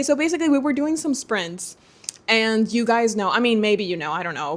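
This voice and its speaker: Young woman, slightly high voice, excitable, gushing, casual unboxing vlog. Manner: gushing and excitable, many exclamations. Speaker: booktuber.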